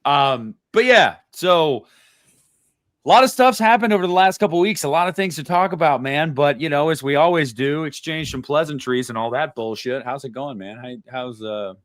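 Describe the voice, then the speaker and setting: A man's voice: a little high, moderate pace, fairly bright tone, no echo, studio quality. A man hosting a podcast in a casual, rambling, upbeat way. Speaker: podcast host. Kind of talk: casual chat.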